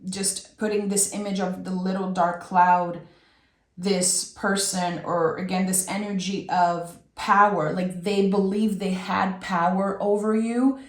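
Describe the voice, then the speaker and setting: Slow, soft-spoken woman reading tarot. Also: mid-range voice, flat delivery, roomy sound. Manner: slow, soft and emotional, with drawn-out phrases. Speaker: tarot reader.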